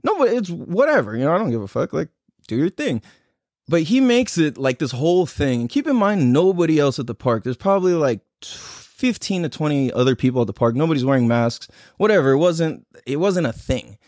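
A man's voice: a little high, very animated, brisk, darkish tone, no echo, clean studio sound. A young man hosting a podcast, telling a story in a heated, profane rant while laughing at himself. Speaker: podcast host. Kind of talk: casual ranting story. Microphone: live stream on a phone.

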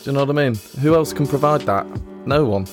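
A man's voice: medium pitch, fast, music in the background. A man with an English accent hosting a podcast, chatting casually with laid-back enthusiasm and slang. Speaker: podcast host. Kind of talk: casual chat.

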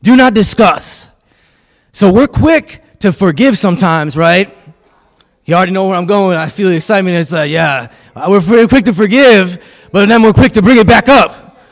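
A high-pitched man preaching a sermon, lively and repetitive, calling for the congregation to answer back. His voice rings through the long reverb of a church sanctuary. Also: moderate pace. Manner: animated preaching with call-and-response and repetition. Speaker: pastor.

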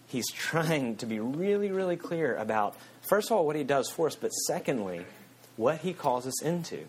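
A man's voice: medium pitch, expressive, moderate pace, a little hiss or hum. A man, preaching a sermon and telling a self-mocking story with frequent chuckles. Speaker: pastor. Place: church.

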